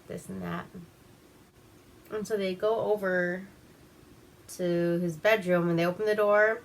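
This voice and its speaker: A woman's voice: fairly low pitch, fairly even intonation, a little slow, pauses often, a little hiss or hum. A woman recapping an old movie in a casual, profane, rambling way, laughing as she goes. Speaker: movie reviewer.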